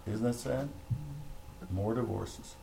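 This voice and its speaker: Fervent middle-aged male pastor, home-church sermon, a bit low-pitched, faint noise behind. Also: slow pace, vocal fry. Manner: fervent, rambling, with laughs. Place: home meeting room.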